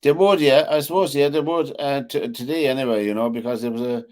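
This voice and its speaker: A man's voice: mid-range voice, brisk, a little mellow. A man co-hosting a sports chat show, talking casually and rambling with lots of "you know". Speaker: co-host.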